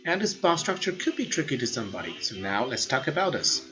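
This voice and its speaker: A man's voice: medium pitch, very animated, quick pace. A man teaching a grammar lesson in an earnest explanatory way, often repeating words as he goes. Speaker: language teacher. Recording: dull lo-fi sound with faint background music.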